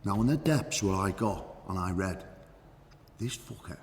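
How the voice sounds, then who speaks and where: A man's voice: low-pitched, lively intonation, long reverb tail, a little hiss or hum. A man playing a swaggering, foul-mouthed hitman. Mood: boastful. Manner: swaggering, profane, drawn-out emphasis. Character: boastful crude male hitman telling war stories. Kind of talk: acting class character monologue.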